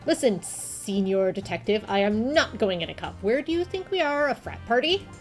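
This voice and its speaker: Brief: woman playing a theatrical British makeup artist man, soft music behind. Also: a little high, sing-song, normal speed. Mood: haughty. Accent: put-on British. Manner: theatrical, affected. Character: flamboyant male hair and makeup artist.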